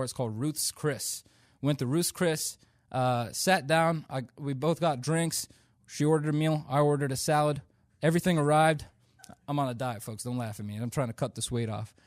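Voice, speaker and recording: A man's voice: fairly high pitch, no echo, clean studio sound. A young man from India performing a stand-up comedy routine, telling stories in a playful, self-deprecating way.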